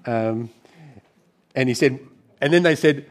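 A middle-aged man preaching a sermon to a church gathering, conversational and warm in tone, with frequent restarts. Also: mid-range voice, a little slow.

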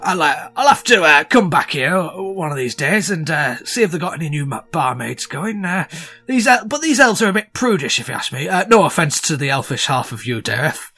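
A man voicing a brash, bawdy female wagon driver in a high, lively voice. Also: fairly quick, full character voice. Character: brash coach-driving woman with a slip into cockney.

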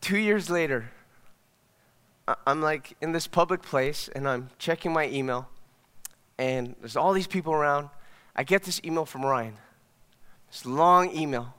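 A young man, a pastor, telling a personal story in a sermon, swinging from hushed to excited. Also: on the high side, a little slow, pauses often, smooth, long reverb tail. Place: church hall.

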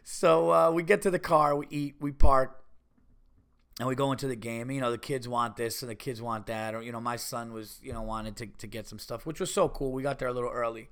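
A middle-aged man telling a rambling, animated story on his podcast, full of restarts and asides. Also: medium pitch, a little fast, clean tone. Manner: rambling, animated, with many restarts and mock voices. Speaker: podcast host. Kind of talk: casual storytelling.

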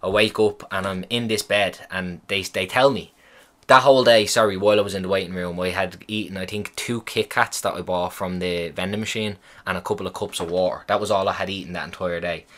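Man, young adult, casual storytelling, swearing, rambling, lowish voice. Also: fairly quick. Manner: swearing, rambling, animated retelling. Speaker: vlogger.

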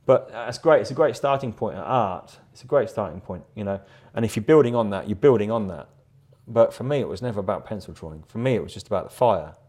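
Give me a middle-aged man with a lowish voice, chatting casually and rambling. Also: animated, fast, hardly any pauses, a little mellow. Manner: rambling, chatty, laughs often, repeats words. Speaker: guest artist. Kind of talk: casual interview chat.

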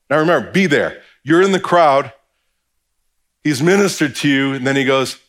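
A pastor giving a sermon in a conversational style, acting out quoted voices and swinging between hushed, low passages and raised, emphatic ones. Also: male voice, animated, moderate pace.

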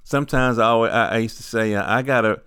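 A man's voice: medium pitch, fast, fairly bright tone, smooth, no room sound, studio quality. A middle-aged man giving a rambling, digressive monologue, full of fillers and casual swearing. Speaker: podcaster. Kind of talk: rambling stream-of-consciousness monologue. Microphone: handheld field recorder.

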